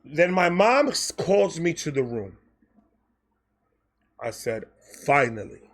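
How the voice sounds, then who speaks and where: A man with a high-pitched voice tells a comedic storytime monologue. He is animated and profane, jumping into quoted voices as he goes. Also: slow. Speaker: storytelling host.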